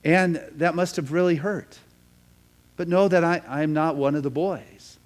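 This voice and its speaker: A man voicing a kind, calm wise man who speaks in a gentle, reassuring way. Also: medium pitch, moderate pace, natural voice.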